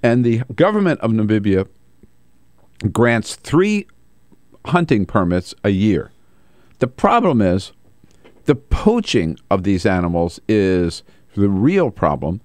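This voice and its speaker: A lively American man hosting a talk show, voice rising and falling freely as he riffs. His tone sits on the low side and sounds close and dry, with no room around it. He jokes and laughs easily. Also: slow pace, pauses often, no echo. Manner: wry, animated, laughs easily. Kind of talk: casual political talk.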